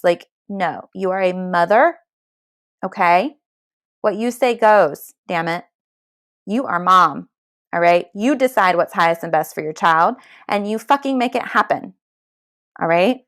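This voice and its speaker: A woman reading tarot live, speaking straight at her viewers. She hands out tough love in a blunt, emphatic way, swears freely, and keeps asking "okay?" or "all right?" to make sure it lands. Her voice sits at an ordinary middle pitch. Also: a bit bright. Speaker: tarot card reader.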